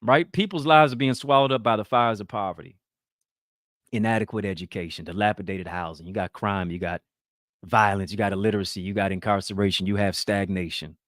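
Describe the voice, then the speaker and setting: Man, talk show host, motivational commentary, emphatic rhetoric, deep voice, dry room. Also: a little fast, fairly bright tone, dry recording.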